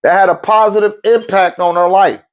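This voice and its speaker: A man's voice: high-pitched, fairly even intonation, fairly quick, dull audio. A middle-aged man, giving blunt, profane life advice in a casual monologue and laughing often.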